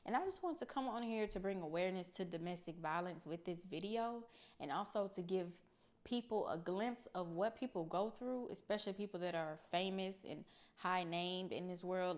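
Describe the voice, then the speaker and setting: A woman's voice: fairly low pitch, darkish tone. Earnest woman reacting to a clip. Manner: earnest, speaks plainly to viewers. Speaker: reaction video host. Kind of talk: casual commentary.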